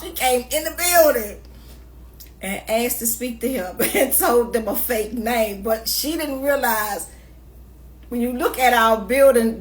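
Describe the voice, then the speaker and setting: A woman vlogging in a casual rant, moving from quiet, hushed asides to loud, laughing storytelling. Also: fairly high pitch.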